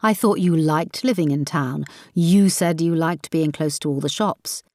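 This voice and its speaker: Woman doing a wry husband, kinda low, slow teasing, dry close sound. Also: dry recording. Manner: wry, measured, gently mocking. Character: man, married, dry and teasing.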